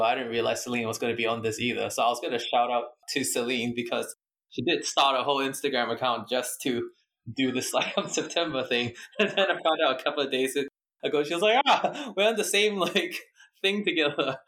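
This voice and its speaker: A man's voice: mid-range voice, fast talker, fairly bright tone. A man guest in casual chat, amused and laughing between phrases, over a remote call.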